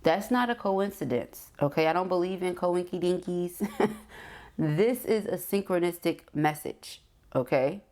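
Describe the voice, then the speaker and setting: A woman's voice: on the low side, measured pace, darkish tone. A woman giving a tarot reading, speaking directly to her viewer and often checking in with "okay?". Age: adult. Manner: frequent "okay?" check-ins, affirming. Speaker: tarot reader.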